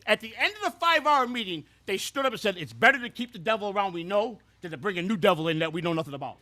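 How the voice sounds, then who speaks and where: A man's voice: high-pitched, animated, racing, pushed and bright. A man playing a brash, foul-mouthed former baseball clubhouse worker who rambles through stories and trips over repeated words. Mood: boastful. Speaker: host. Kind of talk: scripted comedic character storytelling.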